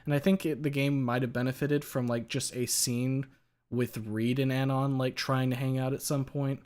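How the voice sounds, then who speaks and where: A man of ordinary mid pitch hosts a relaxed chat. He thinks aloud, circling back and restarting his sentences as he gropes for the right term. The delivery is easygoing and unscripted. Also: moderate pace, clean tone. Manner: thoughtful, hesitant, many filler words. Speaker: podcast host. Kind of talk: casual chat.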